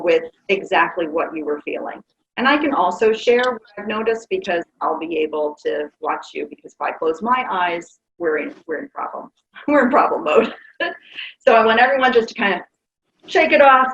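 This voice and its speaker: A woman's voice: medium pitch, echoey room, muffled recording. A woman facilitating a webinar, guiding a group exercise in an upbeat, encouraging way and laughing often. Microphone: video call.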